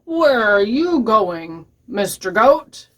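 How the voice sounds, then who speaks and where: A hungry old troll guards his bridge in this storybook voice, put on by a woman reading aloud. Every word comes slow, loud and threatening, like he's in no hurry at all. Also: a little high, big pitch swings, exaggerated voice. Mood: menacing. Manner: slow, loud, menacing demands.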